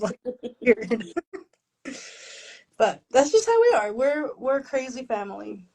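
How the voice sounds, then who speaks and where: In a low-quality recording, a woman author of Mexican heritage who grew up in the US is interviewed, her fairly high, darkish voice lively but measured in pace. She chats casually with self-deprecating humor, laughs often, and drops Spanish phrases into her English.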